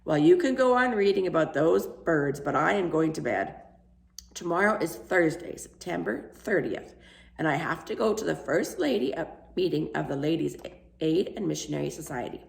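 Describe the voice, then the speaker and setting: Brief: fussy scolding storybook housewife, read by a woman, higher and sharp, gravelly, roomy echo. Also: lively intonation, normal speed. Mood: tired. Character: practical, worried middle-aged housewife.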